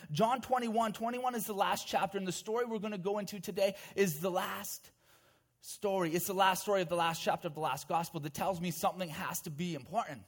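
A male preacher with a fairly high voice delivers a sermon. He retells a scripture passage as a vivid story and mixes in chatty asides to his listeners. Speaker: pastor.

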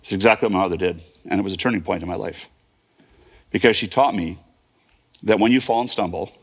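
Tell it fast, low and gravelly, like a man in his fifties reliving a childhood story. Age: 50s. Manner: vivid present-tense retelling with fillers and restarts. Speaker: guest. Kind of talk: personal storytelling.

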